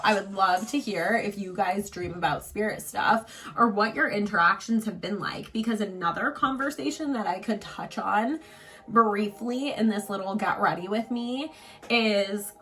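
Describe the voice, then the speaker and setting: A woman's voice: medium pitch, sharp tone, poor audio. A woman who works as a psychic medium, telling a personal story in a chatty, rambling way, full of fillers and emotional at times. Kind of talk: casual get-ready-with-me storytelling.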